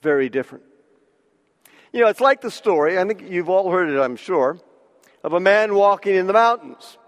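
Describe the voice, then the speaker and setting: A man preaching a sermon, slow and deliberate with emphatic pauses. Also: high voice, lively intonation, long reverb tail.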